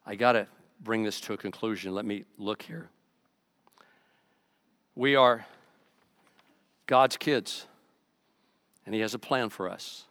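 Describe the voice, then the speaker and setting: A man preaching a sermon as pastor, emphatic and urgent, swinging between loud pushes and quiet asides. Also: lowish voice, takes it slowly, pauses often, dry recording.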